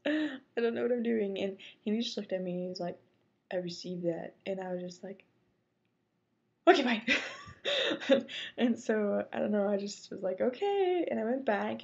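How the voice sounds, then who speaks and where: A young woman tells a story in a casual vlog, slipping into whispers and high squeaks as she acts out her own thoughts. Her voice is gravelly and mellow. The recording sounds dull and lo-fi. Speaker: vlogger.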